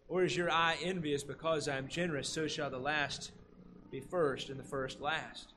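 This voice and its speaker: High-voiced man preaching an animated sermon. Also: normal speed, a little hiss or hum. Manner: animated, acts out the workers' complaints.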